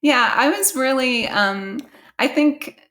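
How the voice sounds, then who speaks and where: A woman's voice: sits high, takes it slowly, fairly bright tone. An American woman author chatting casually in an interview, with frequent fillers and easy laughter. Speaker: author guest.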